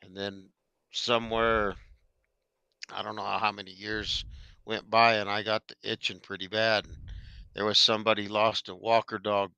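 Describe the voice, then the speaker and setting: A veteran hound hunter reminiscing in a rambling, hesitant way. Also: male voice, fairly low pitch, little pitch movement, moderate pace, vocal fry, bright, forceful tone, smooth, dry recording, dull audio. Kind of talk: casual reminiscing.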